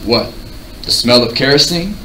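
Audiobook: plain-spoken adult fireman read by a man, bright voice, roomy and distant. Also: mid-range voice, animated, moderate pace. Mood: easygoing. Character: adult male fireman, easygoing. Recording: roomy, distant mic, faint hiss.

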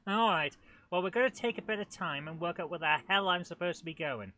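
A man's voice: a little high, normal speed, pushed and bright. Chatty man playing a game. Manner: chatty, self-deprecating, talks to the game. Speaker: host of a retro gaming channel. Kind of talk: live let's-play commentary.

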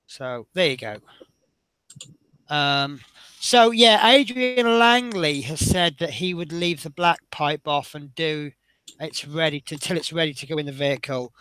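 Chatty guy building a model bus, bit high voice, dry close sound, rambles on. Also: measured pace, sharp tone, smooth, dry recording. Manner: chatty, rambling, self-interrupting. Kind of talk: casual build commentary.

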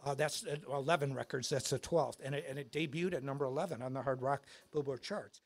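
Animated male guitar clinician. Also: mid-range voice, fast. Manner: animated, excitable storytelling. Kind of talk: live clinic storytelling. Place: music store clinic.

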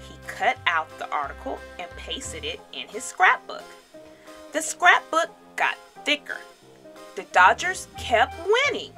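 A woman reading a children's picture book aloud in an expressive storytelling style, raising her voice for the crowd's chants. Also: high voice. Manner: dramatic, shouts crowd chants.

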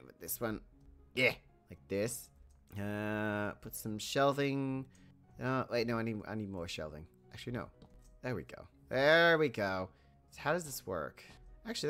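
A woman's voice: very deep voice, a bit bright. A woman hosting a building video, chatting casually and thinking aloud, with frequent small laughs. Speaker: host.

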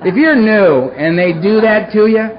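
A man with a high, animated, unhurried voice tells a meeting-hall audience his personal recovery story, raw and dramatic with dark humor. He keeps it street-casual, studding his talk with "man" and "you know," in a dull, lo-fi live recording carrying a faint hiss.

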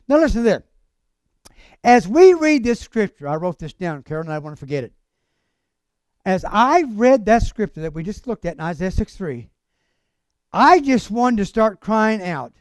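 A male pastor delivers a fervent church sermon, urging his congregation to answer him. His voice sits high and moves animatedly up and down. The sound is close and dry, with no room echo. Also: animated, moderate pace, smooth. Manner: fervent, calls out to the congregation for amens. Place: church service.

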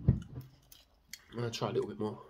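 A man's voice: lowish voice, level tone, fairly quick, noisy background. A young man chatting casually in a sauce review vlog, rambling with fillers and swearing freely. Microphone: camera mic.

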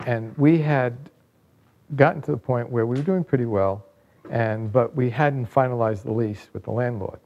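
Gravelly older man telling a lively tale. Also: on the low side, muffled recording. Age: 60s. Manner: lively, vivid anecdote telling with bursts of excitement. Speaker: author and company founder. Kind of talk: storytelling narration in a book trailer.

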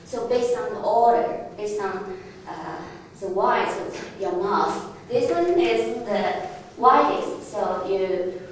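A woman teaching a Chinese lesson in a classroom, patient and slow, often laughing and restarting her phrases. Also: mid-range voice, expressive. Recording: echoey room from far off, faint noise.

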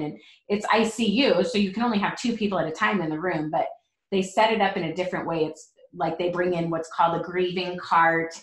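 Woman, 40s, podcast guest: earnest, halting testimony, low voice, roomy echo. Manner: earnest, halting storytelling with many fillers. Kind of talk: emotional personal testimony.

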